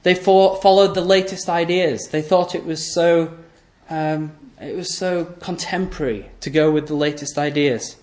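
A man preaching a sermon, emphatic and repetitive, asking rhetorical questions and letting his voice sink low and quiet at the ends of phrases. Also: steady tone, moderate pace, few pauses, roomy sound. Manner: voice often drops low and soft at the end of phrases.

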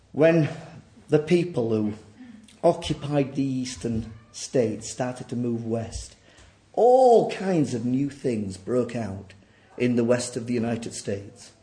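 Preacher man with a roomy echo. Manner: swings from quiet low asides to loud, high, near-shouted peaks. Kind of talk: sermon. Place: church.

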